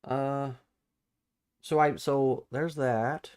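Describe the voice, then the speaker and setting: A man of ordinary pitch hosts a live Bible study stream, talking off the cuff. He stumbles and restarts as he hunts for verses, then reads the passages aloud. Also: steady tone, darkish tone, clean tone. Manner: halting and self-correcting, restarts numbers while looking up verses; reads scripture and viewer chat aloud.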